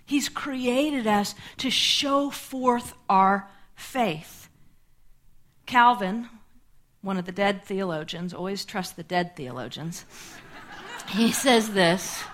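A woman pastor giving a sermon, teaching in a measured way, stressing key words and checking in with "right?". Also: mid-range voice, animated, a bit bright.

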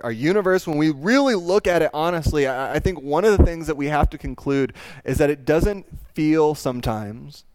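Man, young adult, storytelling talk, smooth clear voice, fairly high pitch, dry close sound. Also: no echo. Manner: animated, self-deprecating storytelling with many fillers. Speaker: speaker telling a personal story.

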